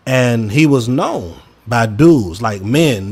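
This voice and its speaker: A man talks through an opinion podcast in a mid-range voice. He turns emphatic, jumping up into loud, high bursts and then dropping into low, quiet mutters. He speaks straight to his listeners in a loose, conversational way. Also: animated, takes it slowly, husky. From Chicago. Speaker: podcast co-host. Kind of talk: casual opinion commentary.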